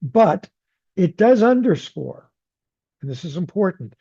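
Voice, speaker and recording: A man with a slightly raised, mellow voice lectures on research findings to a room of surgeons. He talks in a measured, deliberate way, pausing often with fillers. The recording is dry and somewhat dull. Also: high-pitched, big pitch swings, gravelly, husky, dry recording. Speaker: psychologist presenting research. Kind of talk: academic grand rounds lecture. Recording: dull, muffled lecture audio.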